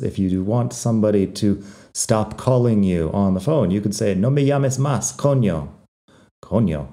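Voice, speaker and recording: A man teaching Spanish slang in a relaxed, wry, conversational podcast lesson, with a non-native accent when he says the Spanish words. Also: lowish voice. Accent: non-native Spanish accent when speaking Spanish.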